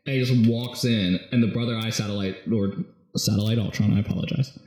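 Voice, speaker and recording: A man's voice: on the low side, fairly even intonation, fast, darkish tone. A man casually recapping a movie script as a podcast host, rambling and jokey, full of fillers. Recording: very echoey room.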